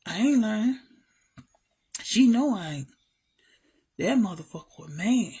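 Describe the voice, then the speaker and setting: A woman's voice: mid-range voice, animated, takes it slowly, pauses often, warm tone, breathy edge. A woman vlogger telling a family story in a profane, ranting way, repeating herself and calling out to her viewers. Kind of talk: angry storytime rant.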